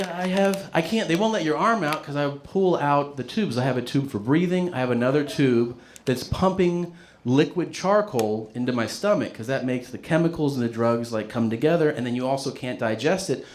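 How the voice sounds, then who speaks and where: A male stand-up comedian telling a story, acting out the people in it in an animated way. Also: on the high side. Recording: noisy played-back clip.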